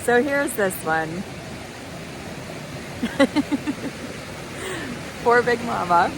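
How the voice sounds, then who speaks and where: Slightly high, with lively intonation and drawn-out words, her voice fills a casual vlog as she giggles and tells the camera about her hike. The thru-hiker is recording noisily outdoors next to a waterfall and creek.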